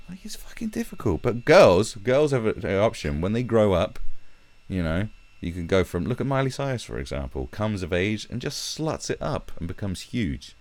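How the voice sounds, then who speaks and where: A man's voice: fairly low pitch, sing-song, moderate pace, a little mellow, dry recording. A man ranting sarcastically and swearing heavily as he reads and picks apart statistics on a live stream.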